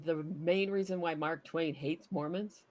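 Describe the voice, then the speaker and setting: A woman tells an anecdote in casual panel chat, chatty and loose with her words and sprinkled with "you know". Her voice sits slightly low. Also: steady tone, unhurried, a crowd in the background. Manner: chatty storytelling with swearing and many "you know" fillers.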